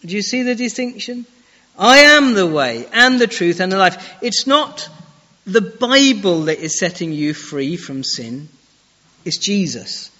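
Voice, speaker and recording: A man's voice: sits high, very animated, a little slow, pushed and bright. A man preaching a sermon in a church, challenging his listeners with direct questions. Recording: dull lo-fi recording with long church reverb.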